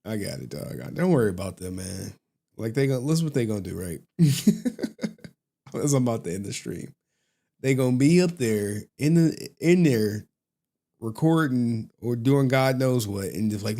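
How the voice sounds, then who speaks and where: A man's voice: mid-range voice, animated, normal speed, vocal fry, mellow. A man hosting a livestream, chatting casually in a loose, profane, joking way and laughing often. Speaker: livestream host.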